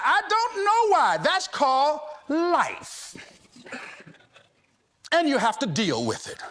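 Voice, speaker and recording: A man giving a fiery motivational speech, shouting and repeating his points with a preacher's drive. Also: very high voice. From United States. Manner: fiery, shouting, repetitive exhortation. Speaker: motivational speaker.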